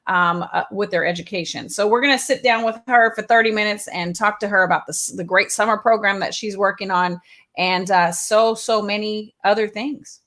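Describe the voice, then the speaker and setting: A woman's voice: medium pitch, normal speed, fairly bright tone. A woman co-hosting a live online talk show, talking in a chatty, loose way with lots of ums. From California. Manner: chatty, with many ums and uhs. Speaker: co-host.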